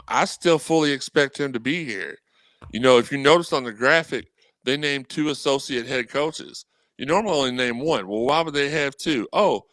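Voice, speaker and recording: A man on a podcast as a guest, talking sports in a rambling, animated way. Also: mid-range voice, no echo. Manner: animated, rambling, quotes people in voices. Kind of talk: casual sports talk.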